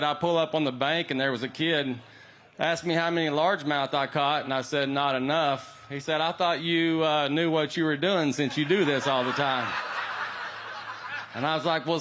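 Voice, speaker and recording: A man's voice: fairly high pitch, a bit bright, a little hiss or hum. A man, a pro angler, telling a wry, self-deprecating story and thanking sponsors.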